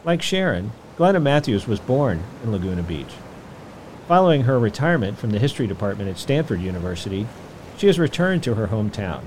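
A man hosting a podcast, telling a history story in scripted documentary narration with an expressive delivery. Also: lowish voice, slight background noise. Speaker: podcast host.

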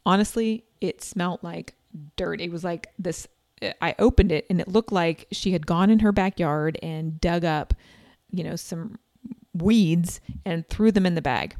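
A woman in her forties telling a personal story in a chatty, animated way, acting out quoted lines. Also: lowish voice, measured pace, no echo, clean studio sound. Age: 40s.

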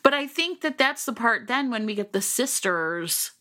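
A woman co-hosting a podcast, chatting casually about a book in an animated, rambling way with lots of fillers. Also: fairly high pitch, normal speed. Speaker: podcast co-host. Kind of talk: casual book-discussion chat.

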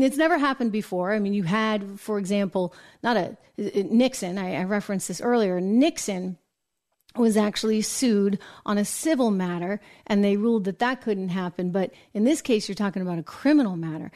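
A woman's voice: fairly high pitch, darkish tone. Emphatic woman hosting political commentary. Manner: brisk, emphatic, sarcastic asides. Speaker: show host and business reporter. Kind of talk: opinionated political news commentary.

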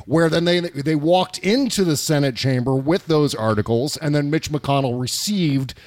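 A man hosting a casual political comedy talk show, wry and animated, piling on exaggerated jokes into a studio mic. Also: a little high, moderate pace, dry recording. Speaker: radio show host.

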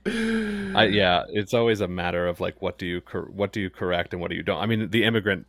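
A man's voice: low-pitched, expressive, a little fast, a bit bright, dry recording. A man musing in casual podcast chat, rambling with lots of fillers.

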